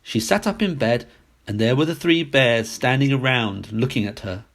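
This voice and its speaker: A man reading a classic fairy tale aloud as a storyteller, expressive and sing-song. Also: mid-range voice, moderate pace, gravelly.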